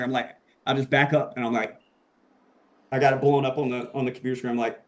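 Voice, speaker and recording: A young man, a podcast guest, telling a story in a casual, excitable and profane way, acting out the voices he quotes. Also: medium pitch, fast talker.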